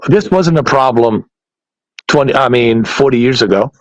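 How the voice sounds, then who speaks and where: A man with a medium-pitched voice talks at normal speed while hosting a podcast, delivering a casual rant loaded with swearing, blunt exasperation and laughter at his own points. There's no room sound, though the recording is low quality.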